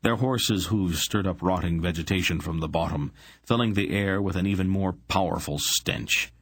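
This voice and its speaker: Man narrating an audiobook, deep voice, husky, steady descriptive reading. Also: normal speed, dry recording, studio quality. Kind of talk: scripted narration.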